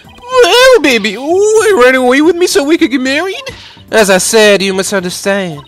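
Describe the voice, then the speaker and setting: A shrill, flaky, overexcited guy. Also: sing-song, moderate pace, faint music behind, full character voice. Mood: distraught. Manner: yelling, whiny, over the top. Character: excitable flaky adult man, loud and dramatic. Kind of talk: fan voice-over of a video game.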